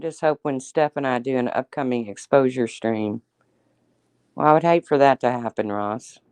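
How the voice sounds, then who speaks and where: A woman's voice: rumbling low, normal speed, a little mellow, smooth, no room sound. A woman hosting a casual livestream, chatting and teasing as she answers viewers by name. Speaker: livestream host. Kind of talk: casual livestream chat reading viewer comments.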